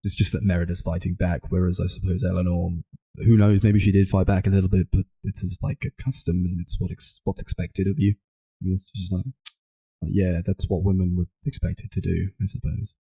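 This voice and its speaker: A man's voice: low voice, flat delivery, brisk, creaky, mellow, husky, no echo, poor audio. A man co-hosting a podcast, chatting casually about films in a rambling, hedging way. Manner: rambling, hedging, full of "like" and "I suppose". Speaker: podcast co-host. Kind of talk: casual film discussion.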